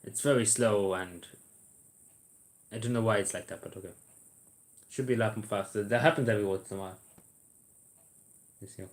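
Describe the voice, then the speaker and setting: A man's voice: lowish voice, steady tone, a little fast, pauses often. An Irish man hosting a live stream, chatting casually in a blunt, rambling way and swearing freely, recorded on a camera mic indoors. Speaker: livestream host. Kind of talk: casual chat to a live audience.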